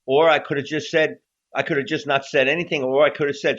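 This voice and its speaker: A man in his sixties spins a long story on a video call, slipping into other people's voices as he goes. His voice has an ordinary middle pitch. The audio sounds a little dull and lo-fi. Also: fairly quick. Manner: animated storyteller acting out quotes. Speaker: guest drummer. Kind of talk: storytelling interview.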